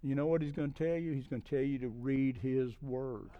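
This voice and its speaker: A middle-aged man preaching a conversational sermon as a guest speaker, often checking in with "okay?" and building to emphatic, loud peaks. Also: mid-range voice, a little fast, clean tone, lo-fi sound. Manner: repeats "okay?" to check in with listeners.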